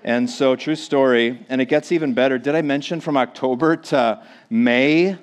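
A man's voice: medium pitch, normal speed, hardly any pauses. A man in his forties from Minnesota with a Minnesotan accent, giving a casual, joking, self-deprecating sermon to his congregation, chatty and full of fillers. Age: 40s. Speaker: pastor.

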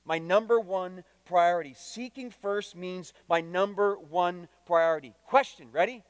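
High-voiced emphatic male preacher. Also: measured pace, clean tone, no echo, in a large hall. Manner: emphatic, repeats key phrases, asks the congregation direct questions. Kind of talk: sermon. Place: church.

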